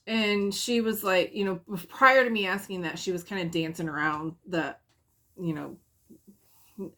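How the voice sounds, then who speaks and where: A woman's voice: lowish voice, fairly bright tone. A woman who founded a charity for single mothers, telling a personal story in a casual, conversational way with frequent fillers and restarts.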